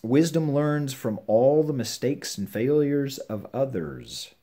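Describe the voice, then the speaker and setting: An older man giving earnest, measured advice on scripture to his children and grandchildren at home. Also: medium pitch, expressive, dark tone. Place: home with a puppy nearby.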